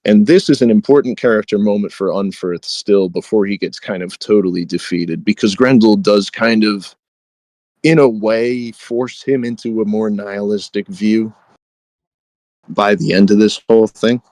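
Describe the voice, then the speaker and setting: A man with a lowish voice, casually retelling a fight scene from a book on a podcast. He quotes the characters in an animated way and chuckles along. The sound is dry and close, with no room around it. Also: normal speed, no echo. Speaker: podcast co-host.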